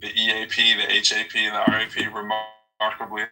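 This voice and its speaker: A man hosting a casual online chat, talking haltingly and often repeating his words. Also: on the low side, completely flat delivery, recorded from a distance, music in the background, poor audio.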